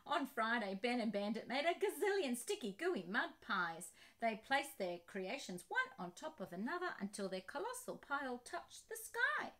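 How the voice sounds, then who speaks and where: Woman author reading aloud for kids, bright, highly animated, asks questions. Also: moderate pace, hardly any pauses. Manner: animated, asking listeners questions.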